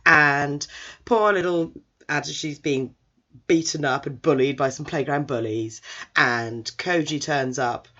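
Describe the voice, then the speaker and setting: A woman casually retelling a story in an animated, chatty way, full of asides. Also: low-pitched, a little slow, muffled recording. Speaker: anime recap storyteller.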